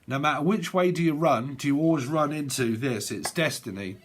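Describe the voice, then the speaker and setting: A man's voice: fairly high pitch, a little fast. A man giving a casual tarot reading, rambling and swearing, often breaking into laughter. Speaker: tarot reader.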